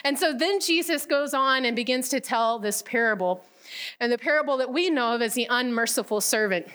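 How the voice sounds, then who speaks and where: A woman preaching a casual sermon, retelling a parable with lively storytelling and acted-out voices. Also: on the high side, fairly quick. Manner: animated storytelling, acting out the characters.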